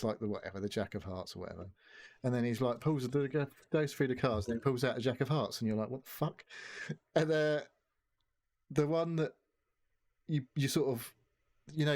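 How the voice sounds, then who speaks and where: A man's voice: medium pitch, darkish tone. A man telling a long story on a casual podcast, rambling and swearing freely. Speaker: podcast co-host. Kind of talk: casual chat.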